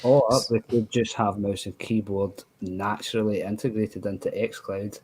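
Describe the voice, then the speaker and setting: A man's voice: lowish voice, little pitch movement, unhurried, few pauses, a little mellow, a little hiss or hum, poor audio. A man talking as a panelist on a casual podcast, rambling with many fillers and restarts. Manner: rambling, with frequent "you know" fillers.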